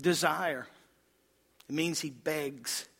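Male pastor, fairly high bright voice, fervent sermon delivery that drops to hushed tones. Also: takes it slowly, gravelly, breathy edge, big-room sound. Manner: impassioned preaching, swings from loud emphasis to hushed low tones.

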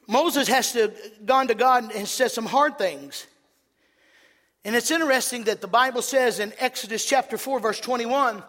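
High-pitched, forceful preaching man. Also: animated, normal speed. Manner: emphatic, rising to shouts and dropping to low intensity. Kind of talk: sermon. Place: church sanctuary.

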